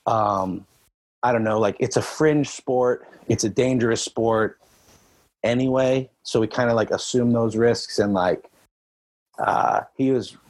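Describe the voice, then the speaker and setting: Husky guy spinning lifting stories, swears a ton, gets loud acting out his yelling. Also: medium pitch, measured pace, no echo. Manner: animated storyteller, heavy swearing, acts out his own shouting. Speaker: powerlifter telling gym stories. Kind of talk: casual podcast chat.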